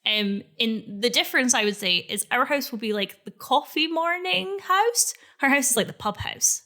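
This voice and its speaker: A woman in her thirties co-hosting a podcast in casual, animated chat, often laughing. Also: sits high, normal speed. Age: 30s. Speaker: podcast co-host.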